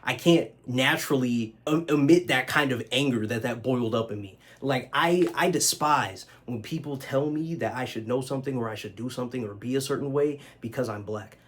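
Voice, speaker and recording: A man's voice: medium pitch, fairly quick, few pauses, fairly bright tone. A man telling a personal story to camera in a loose, conversational way, with lots of fillers and casual swearing. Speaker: vlogger.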